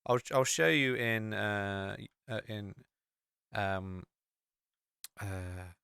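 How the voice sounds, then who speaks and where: An English man rambles through a casual podcast chat, piling up fillers as he talks. His voice is bright and forceful with a smooth, crisp finish. The sound is dry and close, with no room around it. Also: lowish voice, extremely slow, no room sound. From England. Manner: rambling and chatty, with frequent fillers. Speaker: podcast host. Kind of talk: casual chat while sharing a map on screen.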